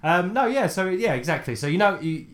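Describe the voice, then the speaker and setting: A man's voice: high-pitched, big pitch swings, a little fast. A man co-hosting a tabletop gaming podcast, joking around and reading listener messages aloud. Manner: jokey, laughs often, reads listener mail aloud. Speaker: podcast co-host. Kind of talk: casual banter.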